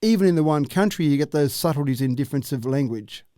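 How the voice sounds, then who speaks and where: An Australian man with a mellow, slightly higher voice explains technology as a radio guest. He talks steadily and conversationally. The sound is dry and close. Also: expressive, fast, no echo. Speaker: technology commentator.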